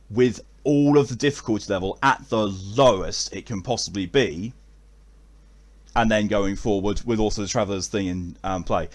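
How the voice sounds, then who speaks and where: At the close of a stream, a man from England with a medium-pitched voice chats casually with his viewers. His talk rambles and is full of fillers and false starts.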